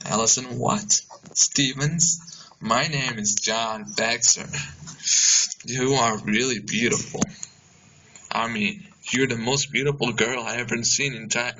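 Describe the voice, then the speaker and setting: A young man playing John, a crude and boastful guy who turns frantic and shouty, in an amateur film. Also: mid-range voice. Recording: dull, noisy amateur audio.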